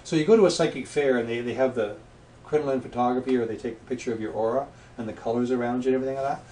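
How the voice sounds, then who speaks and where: A man's voice: mid-range voice, very fast, warm tone. Man telling stories in an echoey room. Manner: anecdotal storyteller who acts out quoted voices. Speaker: guest, past life regression practitioner. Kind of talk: casual interview chat. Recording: echoey room, distant mic, faint noise.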